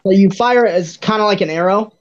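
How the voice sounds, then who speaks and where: A man's voice: high voice, fast, slight background noise. A young man narrating a tabletop game as its dungeon master. He describes the scene casually and teases his players with blunt, curse-laced jabs. The recording sounds muffled and lo-fi. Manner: blunt, teasing, swears casually.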